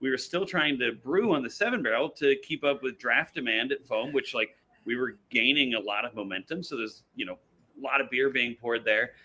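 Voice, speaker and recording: Bright-voiced man telling a long story. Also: mid-range voice, fairly quick, husky. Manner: rambling storyteller, self-mocking asides. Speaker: brewery guest. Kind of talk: casual podcast chat.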